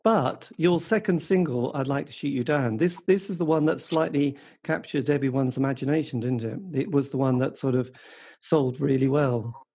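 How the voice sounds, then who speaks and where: A man's voice: medium pitch, moderate pace, dark tone, husky. A man interviewing a musician, chatty and asking leading questions. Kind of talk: casual radio-style interview.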